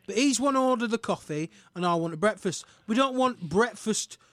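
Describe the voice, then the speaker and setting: A man's voice: high-pitched, expressive, brisk, a bit bright, dry recording. A man playing a blunt, grumpy British customer who keeps saying "mate" in an improvised comedy sketch. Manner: rough, pushy, says "mate" constantly.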